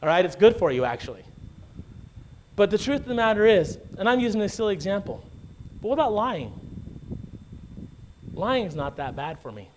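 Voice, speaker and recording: High-voiced preacher checking in with "right?". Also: male voice, big pitch swings, fast, pauses often, darkish tone. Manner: conversational preaching with frequent "right?" and "okay?" check-ins; repeats and restarts words when emphasizing. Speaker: pastor. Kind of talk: sermon.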